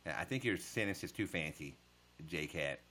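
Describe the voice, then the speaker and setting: A man's voice: low-pitched, animated, a little slow, bright, forceful tone. A man chatting casually on a livestream, answering viewer comments with profane smart-aleck jokes.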